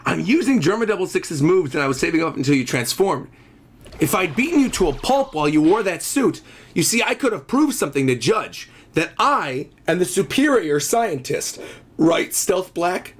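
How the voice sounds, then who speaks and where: A man voicing a big, arrogant male cyborg villain who gloats in a slow, sneering way while reading a comic aloud. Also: high voice, sing-song, pitched below the performer's own voice. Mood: smug.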